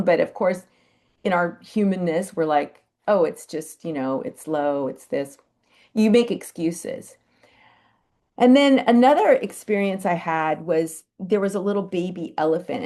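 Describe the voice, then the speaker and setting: A woman telling animal stories in a chatty, animated way on a live video call. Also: lowish voice, gravelly. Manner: chatty, animated, with lively quoted asides. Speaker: animal Reiki practitioner sharing stories. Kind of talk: casual storytelling on a live call.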